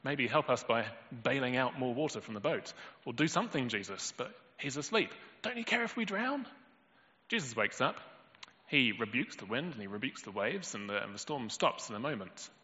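A man's voice: mid-range voice, animated, fairly quick, pushed and bright. A man preaching a sermon in a storytelling way, acting out quoted lines with sudden lifts in his voice. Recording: dull lo-fi audio in a long-reverb hall.

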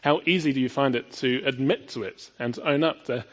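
A man's voice: mid-range voice, brisk, lo-fi sound. A man preaching a sermon, earnest and full of rhetorical questions, building to emphatic peaks.

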